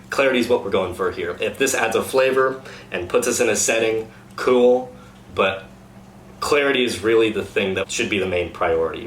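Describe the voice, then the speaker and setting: A man coaching a cast on dialect sounds in an upbeat, casual way, slowing down to demonstrate each sound. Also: mid-range voice, fairly bright tone. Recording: echoey room, faint noise.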